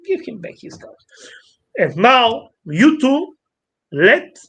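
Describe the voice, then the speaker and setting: A man's voice: very high voice, big pitch swings, slow, fairly bright tone, slightly rough, full character voice. A man voicing a stern supreme god who orders a quarrel settled.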